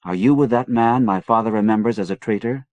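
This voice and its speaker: A man reading an audiobook, voicing a bold, quick-witted young British woman who is poised and inquiring. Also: fairly low pitch, darkish tone, no room sound, pitched above the performer's own voice, lightly acted. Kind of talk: audiobook character voice.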